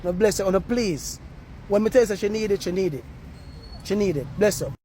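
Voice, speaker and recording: A man's voice: high voice, brisk, dark tone, slight background noise. A Jamaican man reporting outdoors on a university campus, earnestly pleading with viewers and slipping into patois. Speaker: street reporter. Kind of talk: on-the-spot appeal to viewers.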